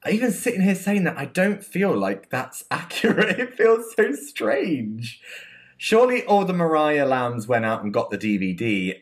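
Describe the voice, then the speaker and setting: A man's voice: fairly high pitch, sing-song, unhurried. A man co-hosting a podcast, reviewing a film in casual, rambling chat with many restarts. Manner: chatty, rambling with restarts and laughs. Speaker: podcast co-host.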